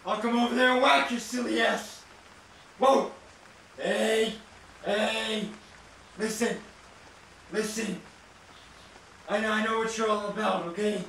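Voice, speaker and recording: A man doing jumpy, profane commentary while playing a VR horror game, yelling threats at it, recorded from far off in a very echoey room. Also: high voice, steady tone, takes it slowly, long pauses, a little hiss or hum. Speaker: gaming YouTuber.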